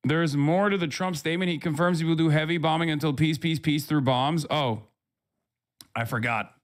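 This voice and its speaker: A man's voice: a little high, moderate pace. Sarcastic, profane male livestreamer. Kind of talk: live-stream commentary answering chat.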